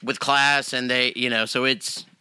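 A man co-hosts a comedy podcast in easygoing, chatty talk, often laughing. His voice is very bright and smooth, a little above middle pitch. The recording is close and dry. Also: flat delivery, measured pace, no echo. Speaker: podcast co-host. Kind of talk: casual comedy podcast banter.

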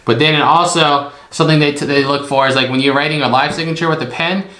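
A man's voice: fairly high pitch, fairly even intonation, fast, bright, forceful tone. A man hosting a casual vlog about items from a storage unit, talking in a rambling way full of hedges and "like". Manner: rambling, hedging with lots of "like". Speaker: storage unit reseller host. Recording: echoey room with faint noise.

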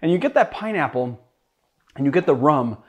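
Young male cocktail host from Boston, slightly high voice, casual and jokey, chatting as he mixes. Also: sing-song, normal speed. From Boston, USA. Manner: chatty, joking, self-deprecating.

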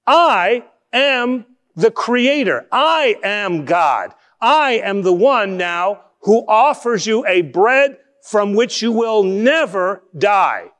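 A male pastor giving a conversational sermon, asking rhetorical questions and shifting between quick asides and slow, emphatic phrases. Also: sits high.

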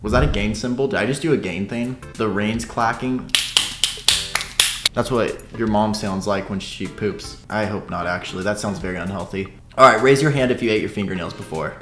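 A man's voice: on the low side, normal speed, a bit bright, echoey room, faint music behind. A man streaming live, reading chat and rambling with crude, swearing jokes. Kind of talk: casual livestream chat.

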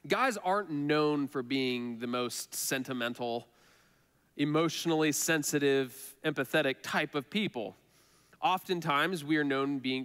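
A man's voice: a little high, fairly bright tone, clear, resonant tone. Earnest male pastor preaching in a reverberant hall. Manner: earnest, conversational preaching with repeated phrases. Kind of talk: sermon. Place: church sanctuary.

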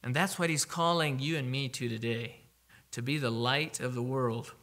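A man preaching a sermon, emphatic, slowing down to read scripture aloud. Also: mid-range voice, fairly even intonation, fairly bright tone.

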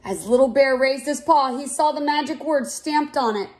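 A woman reading a children's picture book aloud in a clear, expressive way. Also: sits high, normal speed. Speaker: storyteller.

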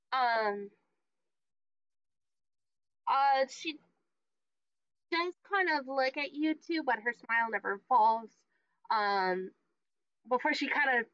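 A woman narrating a tabletop horror game as game master, halting with many restarts and quick laughs. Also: on the high side, a bit bright, no room sound, highs cut off.

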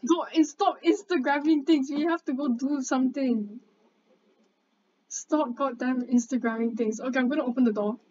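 A young woman, chatting excitably and bossily with a friend while commenting on a game, swearing casually. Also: sits high, moderate pace. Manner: excitable, chatty, bossy banter. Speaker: gamer. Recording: dull lo-fi mic, faint background noise.

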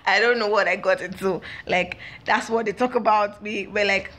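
A woman's voice: medium pitch, moderate pace, a bit bright, a little hiss or hum. A young woman, chatting and gossiping casually to her viewers with lots of fillers. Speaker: vlog host. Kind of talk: casual chat to camera.

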